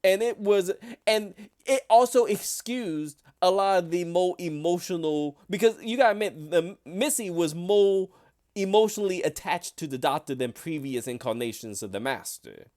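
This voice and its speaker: A man's voice: sits high, lively intonation, moderate pace, a little mellow. A man in a casual fan discussion, talking hesitantly with many fillers and restarts.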